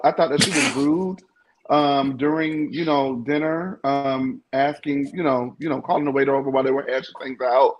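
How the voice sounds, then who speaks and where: Sassy panel guy, mid pitch, lots of "you know"s, opinionated. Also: steady tone, moderate pace, hardly any pauses, a little hiss or hum, poor audio. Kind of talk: casual recap chat.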